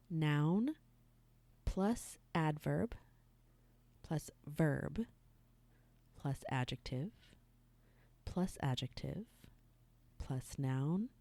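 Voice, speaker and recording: A woman hosting a podcast and giving a relaxed, unscripted sex-education talk, dropping some words to a whisper. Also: deep voice, vocal fry, no echo. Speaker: podcast host.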